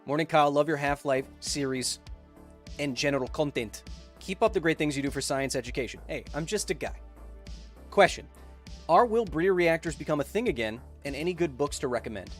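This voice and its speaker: A man's voice: on the high side, a little fast. Man, science livestream host, casual chat, upbeat and jokey, faint background music. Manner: upbeat, jokey, bursts of excitement. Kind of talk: livestream chat, reading viewer donations.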